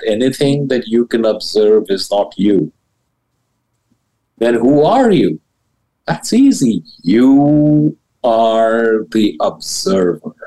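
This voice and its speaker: A man, a spiritual teacher and guest, explaining ideas in an animated, emphatic way with blunt, casual wording and big swoops in pitch. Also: low-quality recording. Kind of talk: animated interview talk about spirituality.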